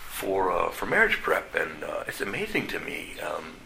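Middle-aged male priest, church sermon, conversational and blunt; very low, forceful voice. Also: sing-song, creaky, a little hiss or hum, rough recording. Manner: plain-spoken, conversational, halting with restarts. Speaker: Catholic priest.

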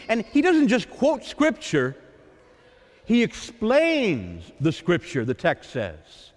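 A man preaching a sermon as a priest, acting out the voices of the Lord and the disciples with lively drama. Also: high-pitched, takes it slowly, long pauses. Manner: animated, dramatizing the Lord's and disciples' lines. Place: church. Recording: echoey church with long reverb.

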